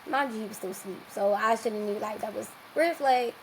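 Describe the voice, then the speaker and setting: Young woman chatting away on a podcast, kinda high voice, bit of faint noise behind. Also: brisk, low-quality recording. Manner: lively, acts out quoted dialogue. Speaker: podcast guest. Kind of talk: casual storytelling.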